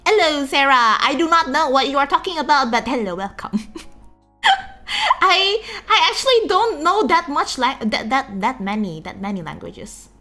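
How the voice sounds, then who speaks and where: A woman's voice: high-pitched, big pitch swings, normal speed, pushed and bright, faint music behind. A young woman from Indonesia with an Indonesian English accent touched by Singlish, chatting casually and giggly as a streamer. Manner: chatty, giggly, lots of fillers. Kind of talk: casual chat.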